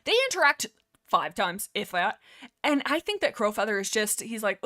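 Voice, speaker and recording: Woman streamer, casual fan chat, excitable rambler who gushes, laughs and restarts her sentences. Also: mid-range voice, normal speed. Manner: laughs often, self-corrects mid-sentence. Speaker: livestream host.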